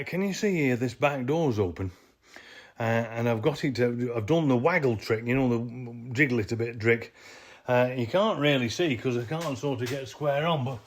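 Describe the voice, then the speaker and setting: A man with a mid-range, fairly bright voice films himself on a handheld camera next to a jacked-up off-roader. He's the vehicle's owner showing off his work in a casual, hands-on how-to vlog, rambling and correcting himself as he goes.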